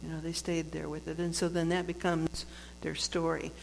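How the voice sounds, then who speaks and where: A woman giving a reflective spiritual talk, conversational and quick to laugh, with frequent restarts. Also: low voice, completely flat delivery, gravelly. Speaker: speaker sharing a book's lessons on forgiveness. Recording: long hall reverb with faint noise.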